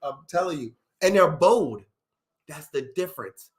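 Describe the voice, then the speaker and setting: High-voiced man ranting emphatically. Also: a little slow. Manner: animated, profane, emphatic. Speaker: livestream host. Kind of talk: profane comedic rant.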